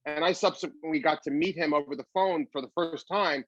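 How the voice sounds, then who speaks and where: A man's voice: on the high side, fairly quick, fairly bright tone, breathy edge, dry recording, muffled recording. A male comedian telling stories in an interview, upbeat and philosophical, rambling with fillers and restarts. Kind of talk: reflective storytelling in an interview.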